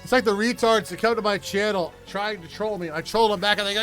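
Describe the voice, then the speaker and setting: High-voiced man mocking clips. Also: brisk, hardly any pauses, fairly bright tone, soft background music. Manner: mocking, rambling, laughs often. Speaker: streamer reacting to clips. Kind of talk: casual crude reaction commentary.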